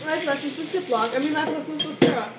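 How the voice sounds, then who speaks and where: A woman's voice: high-pitched, fast, far from the mic. A young woman in a casual home vlog, teasing and scolding her sister in the kitchen. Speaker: vlogger's sister. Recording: echoey kitchen from off-mic, noisy.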